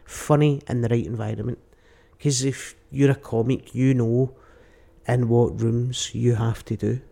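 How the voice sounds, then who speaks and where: A man, a stand-up comedian, talking casually and rambling with lively energy as a podcast guest. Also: medium pitch, measured pace, vocal fry. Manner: animated, rambling, mimics people mid-story.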